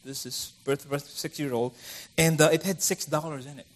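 A man's voice: fairly high pitch, fairly even intonation, fairly quick. A middle-aged man preaching a conversational sermon, acting out the voices of the people he quotes.

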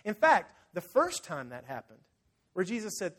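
Pastor guy preaching, pretty high voice, animated storytelling, talks right to the crowd. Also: moderate pace. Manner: lively storytelling, acts out scenes; addresses the congregation directly. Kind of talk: sermon.

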